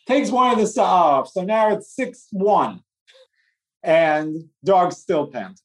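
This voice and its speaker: Animated male teacher walking a class through a text; lively delivery, roomy distant sound. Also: high-pitched, slow. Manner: animated, acts out the story, asks "right?" often. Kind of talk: text study lecture. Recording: roomy echo, speaker away from mic.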